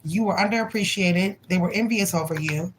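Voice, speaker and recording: A young woman gives a live tarot reading, calling out card names in a blunt, profane, chatty way. Her voice is lowish and fairly quick, with background noise behind it. She laughs often and acts out the people in the cards.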